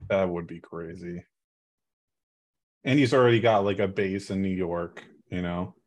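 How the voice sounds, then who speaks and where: A man's voice: sits low, a little slow. A man in a casual sports chat, opinionated and rambling, with frequent restarts.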